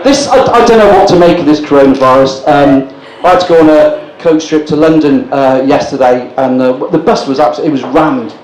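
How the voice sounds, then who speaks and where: A man in his sixties compères a live stand-up comedy night indoors at a brewery, bantering with the crowd in a cheeky, sweary way. His voice is a little high, his pace moderate with hardly any pauses, and the room is echoey with loud background noise.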